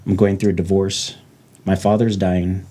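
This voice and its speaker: A man's voice: low-pitched, flat delivery, moderate pace, warm tone. A middle-aged man and former lawman hosting a podcast, speaking in a raw, blunt, heartfelt way. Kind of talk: candid podcast conversation.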